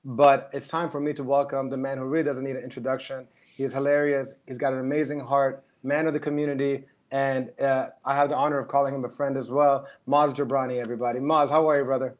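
A man hosting a casual online interview show over a video call, warm and friendly toward his guest. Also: medium pitch, little pitch movement, fast talker, hardly any pauses. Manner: warm and friendly, praises the guest, chuckles often. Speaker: host.

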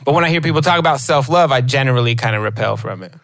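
A man guesting on a loose podcast chat speaks quickly and rambles as he thinks aloud. His voice sounds dry and close to the mic, at a middle pitch. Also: lively intonation, gravelly, a bit bright, dry recording.

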